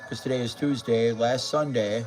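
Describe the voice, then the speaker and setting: Guy rambling into his camera, keeps restarting sentences, cusses a lot, some quiet music in the background. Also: mid-range voice, fairly even intonation, rough recording. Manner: rambling, halting, stumbles and repeats words, swears. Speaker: vlogger. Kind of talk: casual vlog talk. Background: faint music.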